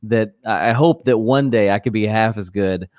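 A man in casual chat, reacting to a clip with halting restarts and chuckles. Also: on the low side, darkish tone, no room sound.

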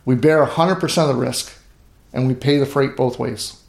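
A man's voice: mid-range voice, steady tone, normal speed, vocal fry, darkish tone. A middle-aged grain farmer telling stories in an interview, earnest and emphatic, often restarting his sentences. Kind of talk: storytelling interview talk. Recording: echoey room.

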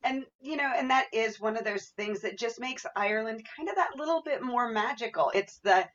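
A woman interviewer talking in a measured, reflective way in casual chat. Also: a little high. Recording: dull lo-fi audio.

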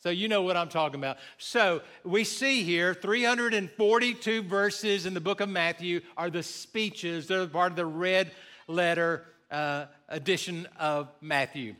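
Pastor, male, high and bright voice, lively teaching sermon with light jokes to the crowd. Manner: animated, joking with the congregation, slows down for emphasis. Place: church sanctuary before a congregation.

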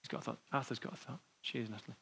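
Man preacher, casual sermon style, thinks aloud, middle pitch. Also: fairly even intonation, rapid-fire, vocal fry, sharp tone, a little hiss or hum. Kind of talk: informal sermon and discussion. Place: church.

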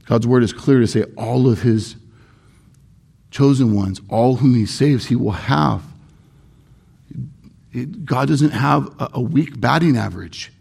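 A man's voice: mid-range voice, measured pace, vocal fry, long pauses, a little mellow, husky. A male pastor preaching a sermon in an earnest, emphatic way, stressing points through repetition.

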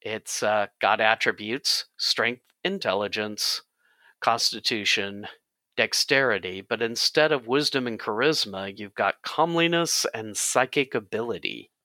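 A man's voice: fairly low pitch, unhurried, bright, forceful tone, dry recording. A man hosting a podcast about tabletop games, chatting casually and jokily while he explains the rules. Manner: jokey, explains game rules at length. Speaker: podcast host.

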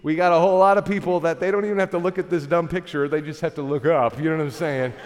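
Man, middle-aged, pastor, animated sermon storytelling, self-deprecating, slightly high voice, reverberant church hall. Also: fast.

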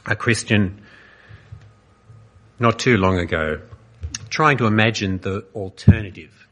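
A male pastor preaching an earnest sermon, dramatic and full of pauses. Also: deep voice, a bit bright. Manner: earnest, dramatic, pausing often.

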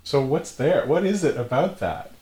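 A man's voice: on the high side, expressive, moderate pace, mellow. A man hosting a casual business conversation, asking questions with frequent fillers. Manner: asks questions, frequent "yeah" and "you know".

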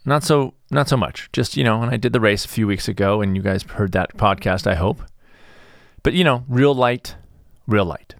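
A middle-aged man with a fairly low voice talks alone on his podcast, his words halting and soft as he searches for them. He sounds subdued and grieving. The sound is dry and close, with no room around it. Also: creaky, dry recording. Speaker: podcast host and stress management coach. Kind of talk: reflective solo podcast monologue.

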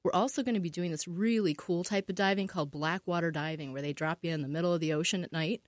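A middle-aged woman, a diver and filmmaker, talking as a guest on a radio show, enthusiastic and quick to laugh as she explains. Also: fairly low pitch, no room sound. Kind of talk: casual radio interview. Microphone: studio microphone.

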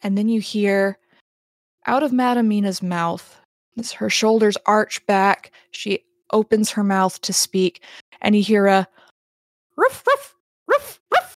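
Game master: woman, descriptive narration that restarts mid-sentence, dry close mic, medium pitch. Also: fairly even intonation, measured pace, no echo.

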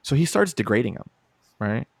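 A man's voice: mid-range voice, brisk, gravelly, no echo. A man chatting on a podcast, telling stories with lots of swearing, laughter and put-on voices. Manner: animated, profane, laughing storyteller doing voices. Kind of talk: casual podcast chat.

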